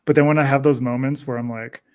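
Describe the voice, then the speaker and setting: A man's voice: mid-range voice, steady tone, fast, clean tone. A man who is a parent of young children, chatting casually as a podcast guest and laughing often. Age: parent of young kids. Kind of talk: casual chat.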